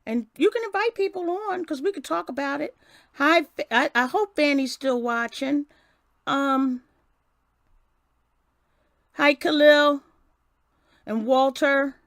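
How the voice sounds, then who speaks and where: A woman's voice: sits high, takes it slowly, gravelly, long pauses, dry recording, studio quality. An older woman hosting a casual live stream, reading a passage and then greeting viewers by name with many restarts. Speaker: livestream host.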